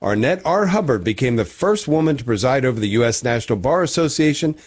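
A man's voice: medium pitch, lively intonation, quick pace, husky. A man co-hosting a casual morning radio show, reading history items with wry jokes and some stumbles. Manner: joking, wry asides; reads segments with stumbles. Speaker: radio co-host.

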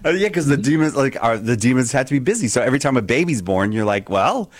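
A man's voice: mid-range voice, lively intonation, fast, dry recording. A man sitting in as host of a call-in show, chatting casually and joking at his own expense, often laughing. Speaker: guest host. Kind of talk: casual radio call-in chat.

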